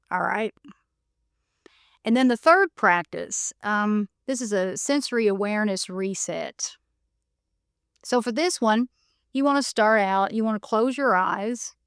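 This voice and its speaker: A woman hosting a podcast, calmly guiding listeners through breathing exercises with a coaching manner and frequent "you know" and "okay". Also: mid-range voice, clear, resonant tone, no room sound, studio quality. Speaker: podcast host. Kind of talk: guided breathing instruction.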